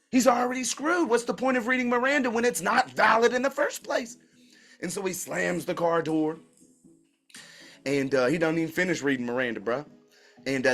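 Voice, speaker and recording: A man hosting his own channel tells a story in a casual, animated way, full of slang and remarks aimed straight at his listeners. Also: fairly high pitch. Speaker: channel host.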